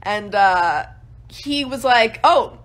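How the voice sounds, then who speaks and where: A history content creator with a fairly high-pitched voice tells historical stories at a normal speed in a casual, comedic style. She's chatty, uses filler words constantly, and puts on animated voices.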